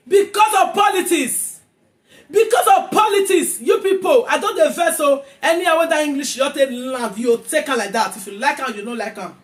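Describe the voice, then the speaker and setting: A woman with a Nigerian accent, ranting angrily in a vlog, repeating herself and often shouting. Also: sits high, reverberant. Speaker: vlogger. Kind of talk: angry rant to camera.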